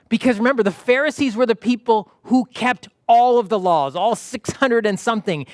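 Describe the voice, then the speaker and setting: Lively, animated preacher man. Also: high-pitched, normal speed, no echo, clean studio sound. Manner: animated, acts out quoted voices. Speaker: pastor. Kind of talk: sermon.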